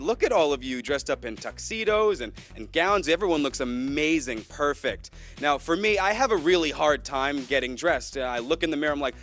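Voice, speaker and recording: A man's voice: mid-range voice, expressive, brisk, few pauses, fairly bright tone, soft background music. A young man from Florida acting as cruise director, announcing on stage to a theater audience with upbeat showman patter and corny jokes.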